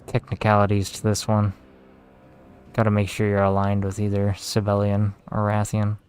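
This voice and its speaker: A man giving casual, relaxed commentary while playing a game, tired and talking to himself with some swearing. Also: lowish voice, normal speed, clear, resonant tone. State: tired, yawning. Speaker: gaming video creator.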